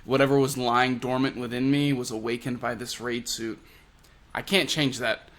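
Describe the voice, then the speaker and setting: A man voicing a brooding young male fighter who speaks low, hushed and earnest. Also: fairly even intonation, normal speed, lightly acted. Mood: grave.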